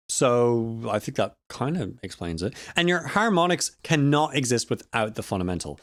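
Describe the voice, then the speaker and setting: A man's voice: mid-range voice, big pitch swings, normal speed, fairly bright tone, dry recording, clean studio sound. A man casually explaining audio harmonics in a vlog, rambling and correcting himself with joking asides. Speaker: audio student vlogger.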